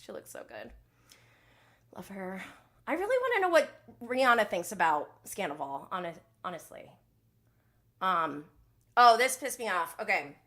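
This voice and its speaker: A woman hosting a casual live recap show, chatting in an animated, gossipy way and reading viewer comments aloud. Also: fairly high pitch. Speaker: podcast host.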